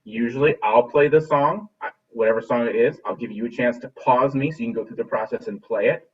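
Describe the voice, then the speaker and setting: Man, music teacher, remote class, encouraging, husky, far from mic, dull call audio. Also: mid-range voice, brisk. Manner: encouraging, repeats and restarts phrases. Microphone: laptop video call.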